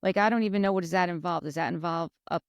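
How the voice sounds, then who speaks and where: A woman co-hosting a podcast, chatting casually and recapping scenes with lively retold quotes. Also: on the low side, rapid-fire, no echo, lo-fi sound. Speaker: podcast co-host. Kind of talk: casual chat.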